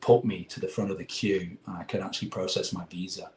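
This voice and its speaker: A man's voice: sits low, steady tone, fast talker, roomy sound, crowd noise. English man telling a rambling story. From England. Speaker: interview guest. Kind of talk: casual chat.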